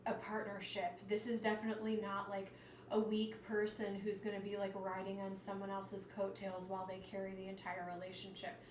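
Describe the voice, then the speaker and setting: A woman giving a live tarot reading, chatty and animated, exclaiming over the cards as she goes. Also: mid-range voice, recorded from a distance, a little hiss or hum. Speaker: tarot reader. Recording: roomy sound, slightly off-mic, faint ambience.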